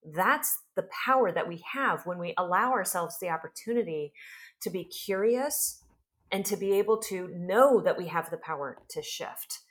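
A woman in her forties, a podcast guest telling a story with lively energy and acting out what others said. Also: lowish voice, moderate pace. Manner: animated storyteller, acts out quoted speech. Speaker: guest, healer and trauma specialist.

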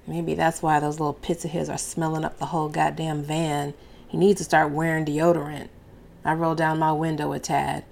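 Female audiobook narrator; wry, exasperated, lower register. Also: level tone, moderate pace, vocal fry, darkish tone. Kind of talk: first-person audiobook narration.

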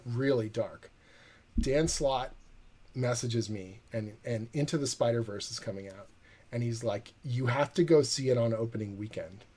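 A man, a comic book writer, telling a lively anecdote in a podcast interview and acting out the quoted dialogue. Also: mid-range voice, slightly rough.

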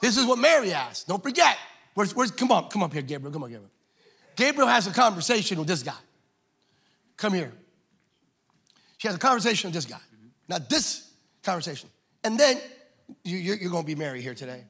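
Animated, high-voiced preacher, gravelly edge. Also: male voice, a little fast, long pauses. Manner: animated preaching, acts out scripture voices, shouts for emphasis. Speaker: pastor. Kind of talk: sermon.

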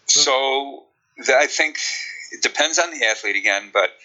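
A sprint coach with a Chicago accent, explaining training in a relaxed podcast interview, with many ums. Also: male voice, mid-range voice, unhurried, muffled recording.

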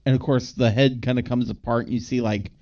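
A man's voice: mid-range voice, level tone, a little fast, darkish tone, recorded from a distance, highs cut off. A man co-hosting a podcast, casually rambling through a movie plot recap with fillers and laughs. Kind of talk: casual chat.

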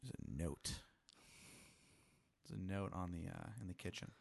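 A man running an improvised comedic story as game master, with halting, restart-filled narration. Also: sits low, big pitch swings, creaky, no room sound.

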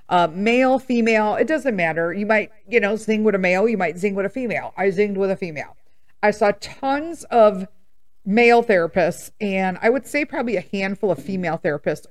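A woman in her fifties hosting a podcast, telling personal stories in a blunt, sassy, emphatic way and laughing at herself. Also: mid-range voice. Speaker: podcast host. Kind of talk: casual storytelling monologue.

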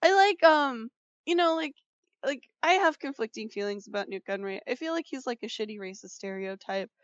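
A woman co-hosting a podcast chats casually in a slightly high, expressive voice, talking a little fast. She rambles with lots of "like" and other fillers, and the recording sounds muffled.

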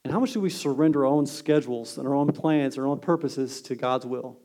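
A man preaching a sermon as a pastor, earnest and emphatic, dropping to a hushed tone on key lines. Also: mid-range voice, brisk.

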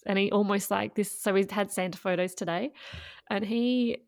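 A woman's voice: medium pitch, steady tone, moderate pace, creaky, dry recording, clean studio sound. A woman, co-hosting a podcast and chatting casually about family life, laughing often and saying "like" a lot. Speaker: podcast co-host, parent. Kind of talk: casual chat.

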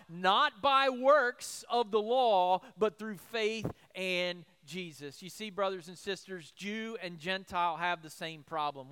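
A man's voice: sits high, pushed and bright, smooth. A middle-aged male pastor preaching a sermon, building emphasis with rhetorical questions.

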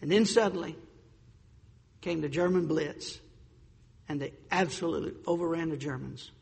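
A male preacher with a high-pitched voice delivers a sermon in an emphatic, deliberate way, drawing out the words he wants to land. He sometimes trips over a word and restarts. His voice rings out in a long hall reverb. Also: creaky, a little mellow. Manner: emphatic, slows for stressed points, stumbles on words.

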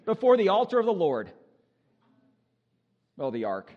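A male pastor preaching an animated, joking sermon with exuberant energy. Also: high voice, a little slow, long pauses, long reverb tail.

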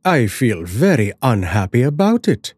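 Narrator playing a worried father, husky and plaintive, slow storybook voice. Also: medium pitch, sing-song, a little mellow, no room sound. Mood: uneasy. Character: worried plain-spoken father, middle-aged man.

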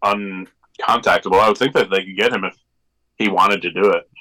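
Bright-voiced rambling podcast co-host man. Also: low-pitched, steady tone, fairly quick, low-quality recording. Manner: rambling, digressive, many fillers. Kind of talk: casual chat.

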